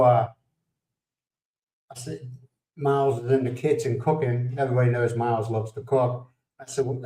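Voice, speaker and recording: A man's voice: mid-range voice, a little mellow, recorded from a distance. American guy rambling on a livestream, laughs a lot, sits back from the mic in a roomy echo. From United States. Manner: rambling storytelling, greets viewers by name, laughs often. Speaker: livestream host. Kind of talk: casual chat.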